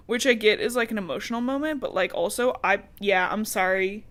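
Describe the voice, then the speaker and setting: A woman's voice: mid-range voice, a little fast, fairly bright tone. Woman co-host, casual rambling recap, sarcastic asides. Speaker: podcast co-host recapping a book. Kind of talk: casual chat.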